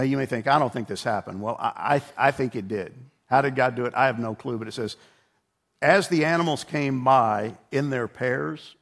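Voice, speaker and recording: A man's voice: mid-range voice, vocal fry. A middle-aged man preaching a sermon in a conversational, humorous storytelling way, often restarting his words. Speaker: pastor.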